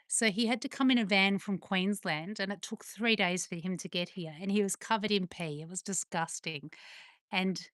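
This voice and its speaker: A middle-aged Australian woman chats with viewers in a relaxed, affectionate way and now and then coos at her dogs. Her voice sits at an ordinary pitch. The sound is dry and close, with no room echo. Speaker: livestream host. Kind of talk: casual chat with viewers. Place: home with dogs, indoors.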